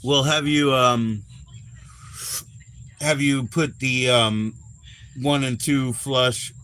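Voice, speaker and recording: A man in his forties on a casual livestream, rambling and swearing, often trailing off into low mumbles. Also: fairly even intonation, drawn-out words, noisy background. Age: 40s. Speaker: livestream host.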